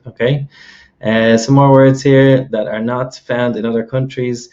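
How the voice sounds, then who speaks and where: Irish man with a soft accent, mid-pitched, teaching patiently; slightly muffled lo-fi recording. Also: level tone, unhurried. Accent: Irish, mild. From Ireland. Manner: patient, explains with examples, often checks "okay?". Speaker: host. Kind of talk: explanatory lesson.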